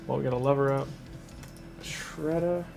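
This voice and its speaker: A man's voice: mid-range voice, moderate pace, gravelly. A man casually commenting a live game stream in a chatty, rambling way, talking to his chat and laughing easily.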